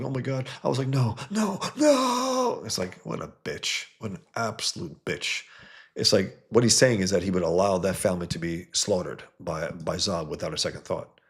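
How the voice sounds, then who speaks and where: A low-pitched man holds forth on comics in a casual monologue. He argues bluntly and with heat, and he shows scorn for views he rejects. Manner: heated, blunt, mocks others with sudden high put-on voices. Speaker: comics creator.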